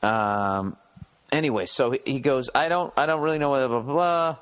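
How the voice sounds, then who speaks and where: A man's voice: mid-range voice, normal speed, a bit bright, smooth. A man hosting a podcast, reading a listener's email aloud and picking it apart in a wry, profane way. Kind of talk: casual podcast chat.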